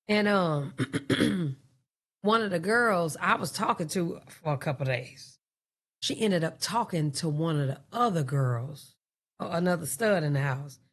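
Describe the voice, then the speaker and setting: A reaction-stream host, a woman, talks in a low, swooping voice full of slang. She tells her own story casually, dropping laughing asides as she goes. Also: animated, a little slow.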